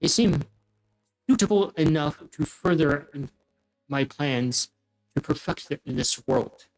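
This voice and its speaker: A man's voice: fairly high pitch, expressive, takes it slowly, soft background music, low-quality recording. A man voicing an arrogant, scheming male scholar who speaks in a formal, cutting and pompous way. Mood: condescending.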